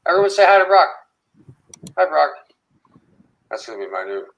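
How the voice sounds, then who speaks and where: A man's voice: on the high side, very animated, moderate pace, gravelly, lo-fi sound. A man co-hosting a casual livestream, loose and profane, greeting viewers by name. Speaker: livestream co-host.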